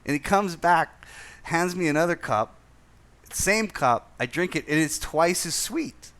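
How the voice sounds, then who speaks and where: A man's voice: a little high, expressive, measured pace, a bit bright. A man hosting a casual podcast chat, telling a profane anecdote with lots of repeated words and laughter. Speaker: podcast host. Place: lived in Indonesia.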